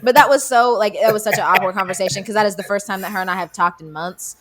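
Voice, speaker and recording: A woman's voice: medium pitch, quick pace, a loud crowd. A young woman co-hosting a podcast, retelling a story casually with lots of fillers, swearing, and acted-out quotes. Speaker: podcast co-host.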